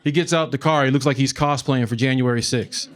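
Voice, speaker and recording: A man's voice: medium pitch, a little fast. A man telling a funny personal story live on stage, chatty, laughing as he goes and swearing now and then. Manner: conversational, comic, laughing through the telling; swearing, animated retelling. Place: live event before an audience.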